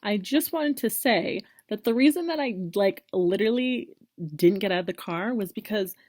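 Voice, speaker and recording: A woman's voice: mid-range voice, normal speed, darkish tone. Young woman explaining to camera. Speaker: vlogger. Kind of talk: casual aside to camera.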